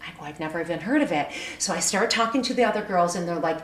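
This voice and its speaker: A woman's voice: on the low side, expressive, racing, few pauses, reverberant, slight background noise. A woman from upstate New York, a podcast guest, telling a long story in casual chat and acting out other people's lines. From Syracuse, New York.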